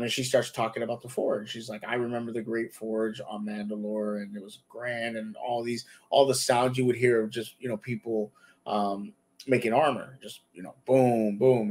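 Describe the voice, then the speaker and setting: A man's voice: medium pitch, little pitch movement, a little fast, a little mellow. A man hosting a casual chat, retelling scenes and acting out the characters' lines. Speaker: podcast host. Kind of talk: casual show review chat.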